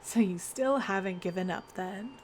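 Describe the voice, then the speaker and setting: A woman reading the lines of a calm, reserved teenage girl detective from a game, in a plain, even voice. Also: medium pitch, normal speed, slight background noise, close to an everyday voice. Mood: composed. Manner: plain, even read-aloud delivery.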